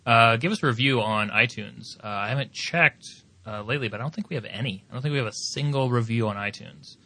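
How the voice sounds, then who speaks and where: A man's voice: medium pitch, fast, bright, forceful tone, dry recording. A man hosting a casual podcast chat and wrapping up the episode. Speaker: podcast host.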